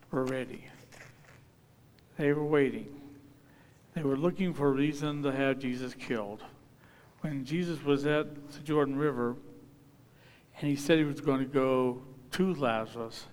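A man preaching a sermon, reading scripture aloud and rising to emphatic, forceful calls. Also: a little high. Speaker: pastor. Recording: long hall reverb.

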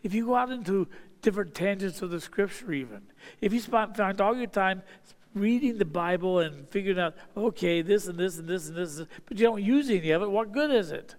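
A man preaching a sermon from the pulpit, his slightly high voice ringing through a hall with a long reverb. He leans hard on repeated phrases, rising to forceful declarations and then dropping to hushed, intimate lines. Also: expressive, brisk. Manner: emphatic, repeats phrases for stress, swings from loud to hushed. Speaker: pastor.

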